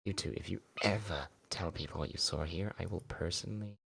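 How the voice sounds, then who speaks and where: A man's voice: sits low, fairly quick, gravelly, fairly bright tone, breathy edge, voice pushed up, full character voice. A man voicing a volatile young woman who shrilly pleads and then accuses, reading a visual novel game aloud. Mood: pleading.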